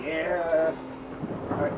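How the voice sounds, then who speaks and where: A man's voice: a little high, level tone, very slow, heavy background noise. A man live streaming from home, chatting loosely and rambling to his viewers. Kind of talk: casual live-stream chat. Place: indoors at home during a thunderstorm.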